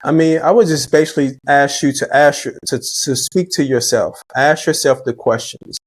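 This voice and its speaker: Earnest man, fairly high voice. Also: normal speed. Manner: reflective, faith-driven, repeats words when starting sentences. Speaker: podcast guest. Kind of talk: earnest conversational storytelling.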